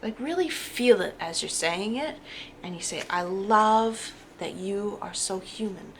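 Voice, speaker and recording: A woman giving a casual tarot reading to camera, talking in an animated way and repeating words for emphasis. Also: mid-range voice, unhurried, a little hiss or hum. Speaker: tarot reader.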